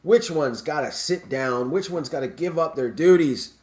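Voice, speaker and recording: A man's voice: a little high, normal speed, a little mellow. Rambling man hosting a live sports show. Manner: rambling, stammering restarts. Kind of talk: casual live sports talk.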